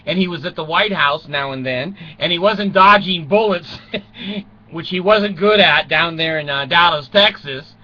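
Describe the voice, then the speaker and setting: A man's voice: a little high, measured pace, bright, forceful tone, dull audio. A man in his sixties from the United States, telling a rambling comic story and chuckling through his own jokes. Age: 60s.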